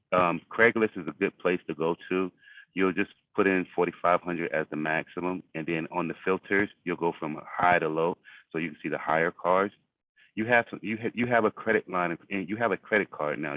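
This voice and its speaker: A very deep-voiced man gives a preachy motivational talk to a group. His voice comes through a tinny, phone-like call line, and the sound is dry with no room echo. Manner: preachy, repeats phrases for emphasis. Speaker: group leader. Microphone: video call.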